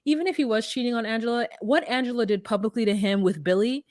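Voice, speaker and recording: A woman co-hosting a casual chat, recapping reality TV in an animated, profane way. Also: fairly high pitch, quick pace. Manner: animated, profane, mimics people in quotes. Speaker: podcast co-host recapping reality TV.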